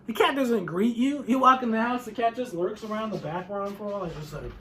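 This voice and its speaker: A man performing a stand-up set, animated, often laughing and acting out voices. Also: high-pitched, fast, slight background noise. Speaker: stand-up comedian.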